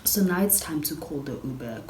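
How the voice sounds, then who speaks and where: Low-voiced South African woman vlogging. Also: brisk. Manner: chatty, animated storytelling with many fillers; switches between English and Sesotho. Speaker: YouTuber. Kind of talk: storytime vlog. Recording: echoey room with background noise.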